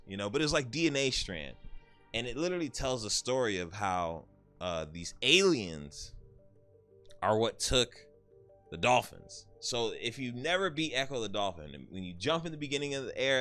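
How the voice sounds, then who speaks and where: A man in his thirties chatting casually about games he beat, telling stories in an animated way with some swearing. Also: mid-range voice. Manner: animated storytelling, swearing, quick asides. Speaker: gaming YouTuber. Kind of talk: casual game review chat.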